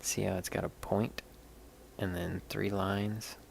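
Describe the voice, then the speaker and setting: Very gravelly low-voiced man. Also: level tone, slow, a little hiss or hum. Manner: rambling and candid, swears casually. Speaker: livestream host showing stones. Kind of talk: casual live-stream chat.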